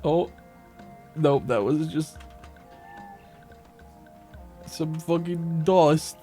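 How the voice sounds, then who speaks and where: Guy streaming a game, slow easygoing talk, cusses a lot, soft music under it. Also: on the high side, animated. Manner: chatty, swears often, talks to the game. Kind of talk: casual gameplay commentary.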